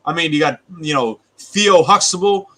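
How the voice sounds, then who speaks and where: A man co-hosting a casual livestream, chiming in with quick remarks. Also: a little high, sharp tone. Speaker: livestream co-host.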